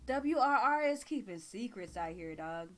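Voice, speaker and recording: A woman's voice: on the high side, expressive, moderate pace, soft background music. A tired woman in her thirties with a Texas drawl, chatting casually on a live stream in a slangy, laid-back way while she reads the chat aloud. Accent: Texan.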